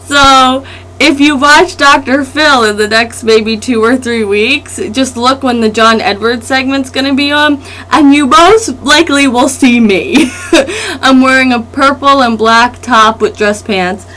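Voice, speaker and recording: Young female vlogger, excited rambling chat to camera, slightly high pitch. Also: unhurried, a little hiss or hum, poor audio. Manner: excited and rambling, with laughs and restarts.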